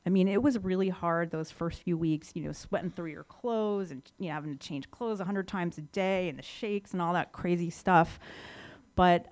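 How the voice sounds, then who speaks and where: A woman's voice: fairly low pitch, a little mellow. A middle-aged woman candidly telling her sobriety story in a casual, conversational way, with many fillers. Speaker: speaker sharing her story. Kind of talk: recovery testimony, casual storytelling.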